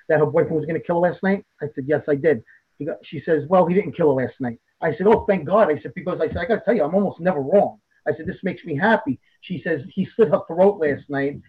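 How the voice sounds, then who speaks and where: A man, a psychic medium guest telling a story in a blunt, animated way. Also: fairly high pitch, breathy edge, phone-quality sound. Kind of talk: casual storytelling interview.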